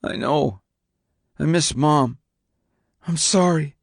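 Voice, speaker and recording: A man's voice: fairly high pitch, very animated, moderate pace, slightly rough, dry recording, studio quality, voice pushed up. A man voicing an upset teenage boy who pleads and sulks, his voice cracking with tears in an audiobook reading. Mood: tearful.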